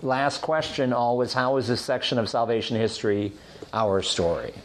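A man teaching a Bible class, lecturing in a measured, explanatory way in a classroom. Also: mid-range voice, steady tone, slight background noise.

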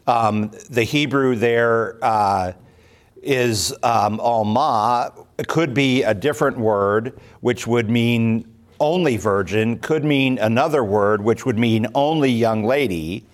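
Slow-talking pastor teaching a Bible class. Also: male voice, mid-range voice. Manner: slow, thoughtful, many fillers and restarts. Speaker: pastor leading Bible study.

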